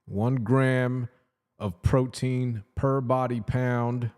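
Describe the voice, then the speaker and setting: A man in his fifties chatting casually on a livestream, playful and laughing often, sometimes dropping into a low put-on DJ voice. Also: steady tone, drawn-out words, darkish tone, clear, resonant tone. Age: 50s. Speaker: livestreaming artist.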